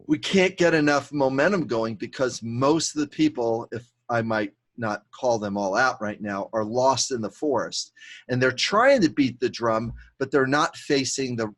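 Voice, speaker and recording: Man telling a fable on a podcast. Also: medium pitch. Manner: animated storyteller, chuckles at his own tale. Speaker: podcast host. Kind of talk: storytelling, conversational.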